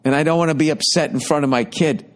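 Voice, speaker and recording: Talking fast in a voice on the high side, a man in his fifties hosts a podcast. He delivers a profane comic story, meandering and exasperated, thick with swearing.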